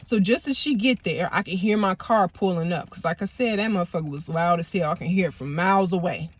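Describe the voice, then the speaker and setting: A woman's voice: on the low side, brisk, breathy edge. A woman casually telling a personal story to her viewers, talking loosely with lots of "you know" and some swearing. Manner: conversational, peppered with "you know" and profanity. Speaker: vlogger.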